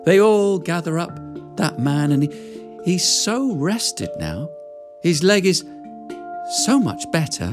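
A woman storyteller telling a fairy tale in an animated, conversational way with asides to listeners. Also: lowish voice, slow, long pauses, music in the background.

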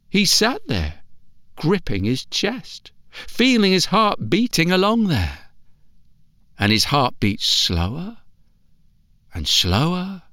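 A man's voice: on the high side, no echo, studio quality. A man narrating a children's story expressively, imitating sounds with his voice. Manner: expressive, imitates sounds, slow and hushed at times.

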